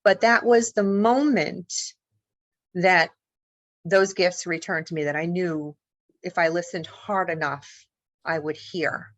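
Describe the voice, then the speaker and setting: Speaking slowly on the low side and pausing often, a female author and paranormal investigator shares a personal story during an interview. She delivers it vividly and emotionally, performing the dialogue. The recording is dry with the highs cut off.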